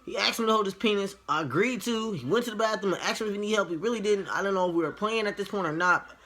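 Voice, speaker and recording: A man's voice: sits high, fast, pushed and bright. A man casually telling a work story to camera, frank and profane, acting out each side of the conversation. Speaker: line cook.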